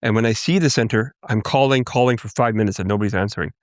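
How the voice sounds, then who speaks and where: Interview guest, male, from Canada; earnest, halting testimony with a low voice and close, dry sound. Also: dry recording. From Canada, First Nations Cree. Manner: earnest, halting storytelling with restarts.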